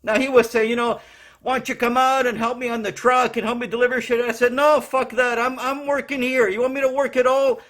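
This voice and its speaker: A man doing a brash, swearing, middle-aged courier clerk, ranting in a high, strained voice. Recorded at home, he complains nonstop and curses his way through calls. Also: level tone, fairly quick, fairly bright tone. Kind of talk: comedy character monologue.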